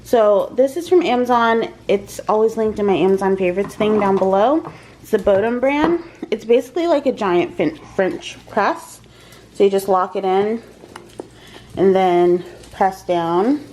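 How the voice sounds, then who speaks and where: A vlogger talks casually through her cooking, speaking a little slowly in a mid-range voice with a darkish tone. She says um often as she explains, while a faint kitchen fan and frying noise run in the background.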